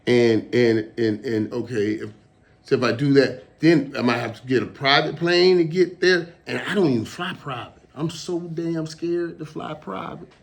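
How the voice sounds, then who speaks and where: A man's voice: medium pitch, moderate pace, gravelly. Emotional rambling man, casual talk. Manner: emotional, rambling, repeats words. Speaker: show host.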